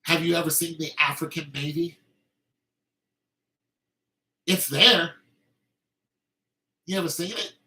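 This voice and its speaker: Male podcast host, fairly high and forceful, heated opinionated monologue. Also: takes it slowly, long pauses, poor audio. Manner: heated and emphatic, with frequent restarts.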